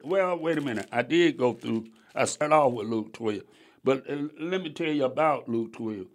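A man preaching a sermon to believers, reading scripture slowly and rising and falling in a preaching cadence. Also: medium pitch, gravelly. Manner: stretches scripture readings slowly, then rushes asides.

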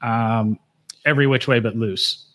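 A man's voice: mid-range voice, steady tone, a bit bright. Rambling man chatting casually. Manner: rambling, halting with fillers and restarts. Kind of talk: casual chat.

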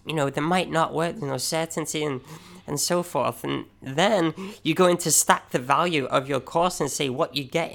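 A man's voice: on the high side, gravelly, a bit bright. A man co-hosting a business podcast, explaining with examples and plenty of fillers. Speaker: podcast co-host. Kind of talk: casual business podcast chat.

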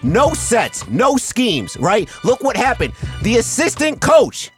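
A man's voice: very high-pitched, huge pitch swings, slow, soft background music. Emphatic, profane male podcast host. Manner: emphatic, profane, keeps asking "right?". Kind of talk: heated sports podcast rant.

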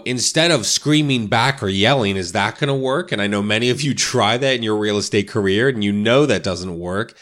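A man's voice: on the low side, fairly bright tone. A man coaching real estate agents in a casual, conversational way, often checking in with "right?" and "you know". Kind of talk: casual instructional talk.

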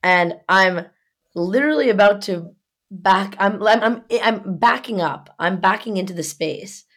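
A woman's voice: mid-range voice, unhurried, fairly bright tone. A young woman co-hosting a podcast, telling a story in casual chat with lots of swearing and heat. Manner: profane, heated storytelling. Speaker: podcast co-host.

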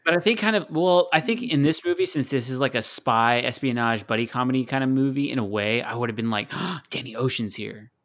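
A man in a casual movie chat with a mid-range voice. He explains his views earnestly and tosses in quick quips. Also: mid-range voice, a bit bright. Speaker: podcast co-host.

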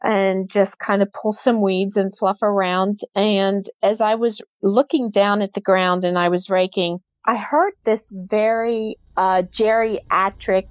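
A woman's voice: medium pitch, darkish tone, no room sound, muffled recording. A middle-aged woman, a podcast guest, recounting a personal experience and acting out the voices of the people in it. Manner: vivid storyteller who acts out quoted voices. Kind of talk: personal storytelling in an interview.

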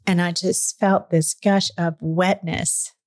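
A woman's voice: on the low side, little pitch movement, slow. A middle-aged woman telling a personal story in a candid, chatty way, sometimes getting emotional. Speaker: podcast guest. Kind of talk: casual storytelling chat.

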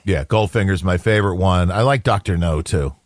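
A man's voice: sits low, brisk, no room sound, studio quality. A man co-hosting a morning radio show, telling stories with eager enthusiasm. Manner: enthusiastic storyteller, laughing.

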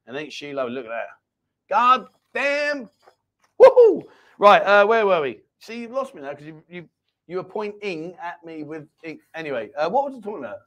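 A man's voice: on the high side, very animated, fast talker, a bit bright. A man hosting a casual live-stream chat show from a small home studio, jokey and rambling as he reads out viewer comments. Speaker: host.

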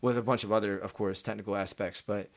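A man in a relaxed interview, retelling his start as a performer in long, rambling turns. He often restarts a sentence midway and slips into voices to act out what others said. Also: fairly low pitch, quick pace. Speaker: guest, stage performer. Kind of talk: casual storytelling interview.

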